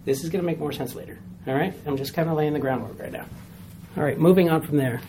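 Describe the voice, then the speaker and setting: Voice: mid-range voice, fast, mellow, slight background noise. A Bible study teacher explaining a passage step by step to a small group, repeating key points and often asking "all right?" to check in.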